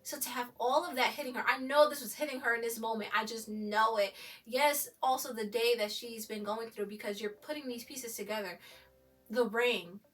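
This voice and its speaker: A woman recapping a TV episode in animated, gushing casual commentary. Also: on the high side, normal speed, far from the mic, soft background music. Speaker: TV recap vlogger.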